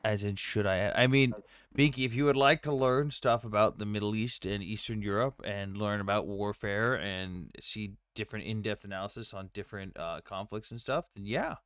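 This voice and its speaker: A man's voice: lowish voice, moderate pace, fairly bright tone, clear, resonant tone, no echo. Livestream host, male, blunt and sweary, dry close sound. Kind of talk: casual chat.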